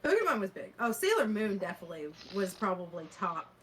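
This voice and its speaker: A young woman in easy podcast chat, her voice at a middling pitch and laughter slipping into her sentences. The recording carries a clear hiss of background noise throughout. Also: big pitch swings, fairly quick. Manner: giggly, laughs often while talking. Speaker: podcast co-host. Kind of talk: casual chat.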